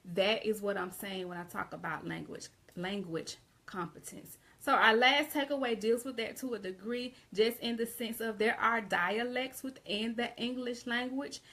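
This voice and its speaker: A woman's voice: a little high, normal speed, hardly any pauses, sharp tone. A woman from the Southern United States with a Southern accent, giving a casual, conversational online grammar lesson and often restarting her phrases. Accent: Southern American. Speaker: English teacher.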